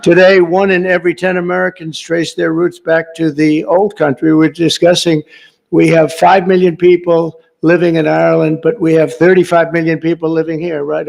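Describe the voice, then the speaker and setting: Male speaker, gravelly, slightly high; off-the-cuff reception speech, rambling with teasing asides to the room. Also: darkish tone. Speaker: host of a reception, giving a speech. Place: large reception room, indoors.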